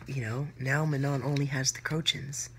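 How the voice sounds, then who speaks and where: A woman's voice: extremely low pitch, moderate pace, slight background noise. A woman book vlogger reacting live to her reading, emotional and gushing, close to tears and full of "like" fillers.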